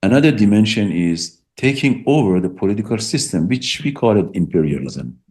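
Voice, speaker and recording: A man's voice: on the low side, animated, a little fast, a little mellow. A middle-aged man, a political science professor and English speaker, speaking emphatically in an interview and repeating words for stress. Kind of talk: academic interview.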